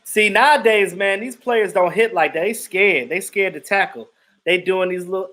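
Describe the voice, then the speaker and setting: Animated high-voiced man chatting live. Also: moderate pace, poor audio. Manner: animated, laughs often, acts out quotes. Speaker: live stream host. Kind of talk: casual chat reacting to viewers.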